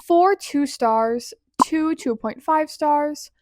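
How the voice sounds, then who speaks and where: A chatty young woman with a fairly high voice talks through her monthly reading wrap-up, bubbly and quick with her asides. She sits at home near the camera mic. The sound is dry and close. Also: dry recording. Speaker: book vlogger.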